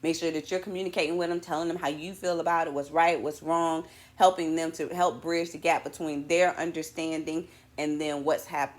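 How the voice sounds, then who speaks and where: A woman hosting a morning show in a casual monologue, animated and slangy, full of playful asides to her viewers. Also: low-pitched.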